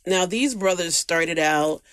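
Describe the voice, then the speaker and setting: A woman's voice: fairly low pitch, slow pace, a bit bright, clear, resonant tone, no echo, clean studio sound. Blunt, profane woman gossiping. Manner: blunt, profane, laughing asides. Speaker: entertainment news host. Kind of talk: casual celebrity gossip commentary.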